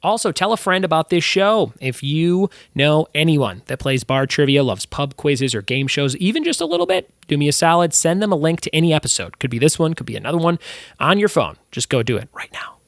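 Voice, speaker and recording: A man's voice: on the high side, animated, brisk, fairly bright tone, no room sound, studio quality. A young man hosting a solo trivia podcast, reading quiz clues and answers with chatty, self-deprecating asides.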